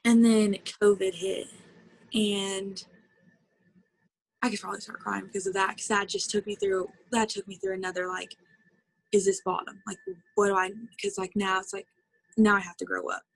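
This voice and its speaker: A woman's voice: medium pitch, little pitch movement, moderate pace, gravelly, no echo, rough recording. A young woman in her twenties, an interview guest, chatting casually and emotionally about her college years with lots of filler words. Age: 20s. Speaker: interview guest, former college softball player.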